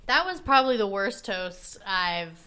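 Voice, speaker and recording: Woman on a podcast, smooth clear voice, gabby, does little voices for quotes. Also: mid-range voice, expressive, unhurried, bright, forceful tone. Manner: chatty, acts out quotes, laughs often. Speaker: podcast co-host. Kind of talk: casual chat recapping a dating show.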